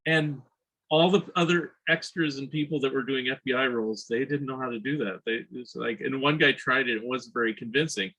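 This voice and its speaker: A man's voice: mid-range voice, brisk, bright, forceful tone, low-quality recording. A man hosting a podcast, telling a rambling anecdote in casual chat and laughing between phrases. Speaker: podcast host.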